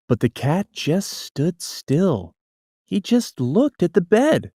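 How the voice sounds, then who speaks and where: A storyteller reading a rhyming picture book aloud in an expressive, sing-song way. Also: mid-range voice, slow pace, no echo, clean studio sound.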